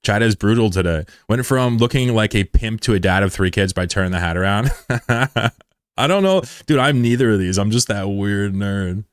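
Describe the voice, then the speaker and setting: Young male streamer, deep and dry, loose, profane banter. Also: brisk, smooth, no echo. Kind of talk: casual live-stream chat.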